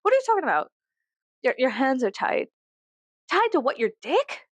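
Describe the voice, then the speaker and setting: A woman's voice: high voice, sing-song, moderate pace, no room sound. A woman in her thirties from South Texas, rambling in a casual, profane, giggly monologue that swings to sarcastic mockery. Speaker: vlogger.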